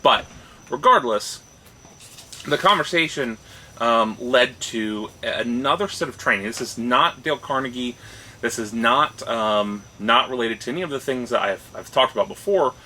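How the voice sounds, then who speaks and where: Medium in pitch and sharp in tone, this man talks at a normal speed while co-hosting a casual podcast. He's reflective, restarts his phrases, and uses rising "right?" checks. A little hiss or hum marks the low-quality recording.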